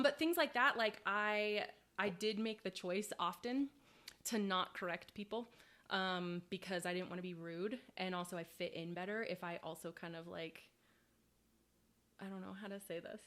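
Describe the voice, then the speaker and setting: A young woman who teaches high school English, telling stories in a casual podcast chat and laughing often as she talks. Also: moderate pace. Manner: chatty storyteller, laughs often.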